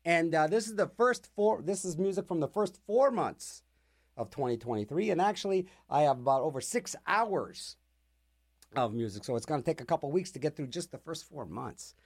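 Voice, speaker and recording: A man's voice: fairly high pitch, lively intonation, moderate pace. A man hosting a radio music show, chatting casually between songs with rambling, sarcastic jokes. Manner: rambling, jokey, sarcastic asides.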